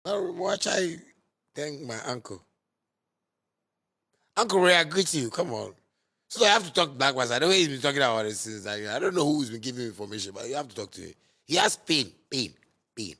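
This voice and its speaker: A man with a Ghanaian Pidgin English accent delivering a heated, scolding monologue that repeats and mocks, bursting into sudden loud outbursts. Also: medium pitch, animated, brisk, pauses often. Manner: repetitive and mocking. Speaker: musician. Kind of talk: ranting monologue.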